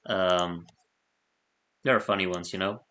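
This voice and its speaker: A man's voice: low-pitched, fairly even intonation, measured pace, pushed and bright. A man hosting a late-night live stream, chatting casually, reading viewer messages aloud and laughing often as he rambles.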